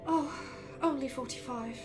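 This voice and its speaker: A woman voicing an aging high elf mother who is doting, fussy and prone to sighing. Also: moderate pace, over music, close to an everyday voice. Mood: fretful. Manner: sighing, fretful, prim politeness.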